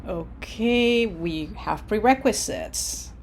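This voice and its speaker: Woman, language teacher, slow measured delivery, models words for repetition, frequent "okay?" check-ins. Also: mid-range voice, animated, gravelly, darkish tone, slight background noise. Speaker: Spanish teacher. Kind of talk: recorded language lesson.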